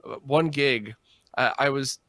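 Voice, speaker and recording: Bright-voiced man, reflective podcast guest. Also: unhurried, no echo. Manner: reflective, acts out quoted reactions with big pitch jumps. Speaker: guest, musician who performs gigs. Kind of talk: casual podcast conversation.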